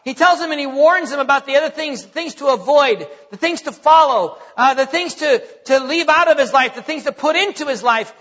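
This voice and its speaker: High-pitched preacher in a reverberant church. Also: male voice, fairly bright tone. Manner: emphatic preaching with repetition and dramatic slowdowns. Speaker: pastor. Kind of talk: sermon. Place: church sanctuary. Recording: dull sound with long church reverb.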